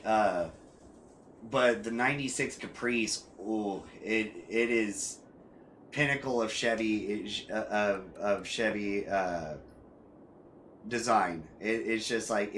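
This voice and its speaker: Guy streaming a game, kinda low voice, talks slow, lots of ums and restarts. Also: slight background noise. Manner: rambling, with many fillers and restarts; gets excited and loud about cars. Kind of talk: casual gameplay commentary.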